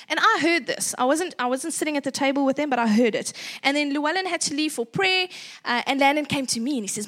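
A South African woman in her thirties shares parenting stories in a loose, chatty way, slipping into little acted-out bits of dialogue and laughing as she goes. Her voice sits high and sounds bright and forward. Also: quick pace. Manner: animated, laughing, acts out dialogue. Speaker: parenting educator. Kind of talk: casual storytelling talk.

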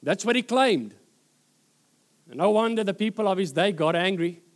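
A man preaching a sermon, retelling scripture with dramatic pauses and repeated phrases. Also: sits high, animated.

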